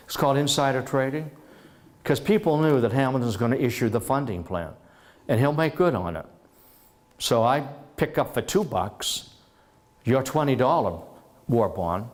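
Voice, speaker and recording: A middle-aged man giving a lively history lecture, telling it as a story and stopping to repeat himself and restart. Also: medium pitch. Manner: lively storytelling, acts out historical figures in dialogue; restarts and repeats words often.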